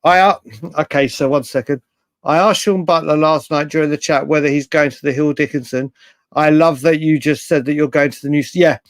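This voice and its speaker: Casual male livestream host, slightly higher voice, rambling delivery, reads out and answers chat comments. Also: fairly even intonation, brisk, no echo. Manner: rambling, with frequent restarts and fillers. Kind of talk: casual live chat reading viewer comments.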